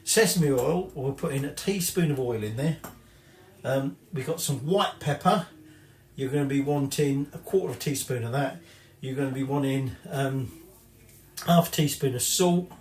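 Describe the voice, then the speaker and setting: This is a casual cooking demonstration by a man with a mid-range, slightly mellow voice at normal speed. A home cook presenting a recipe, he chats and rambles, fixes his own slips and swears now and then. The home kitchen sounds echoey, with clattering dishes.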